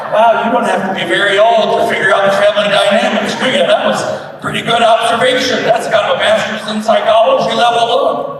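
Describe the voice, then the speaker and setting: A man's voice: high voice, fairly even intonation, brisk, a crowd in the background. A middle-aged man giving a humorous keynote talk at a business breakfast, telling stories and acting out the voices of people in them. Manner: storytelling, acts out quoted voices. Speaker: keynote speaker. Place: large event hall at a business breakfast. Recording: echoey hall from far off, with noise.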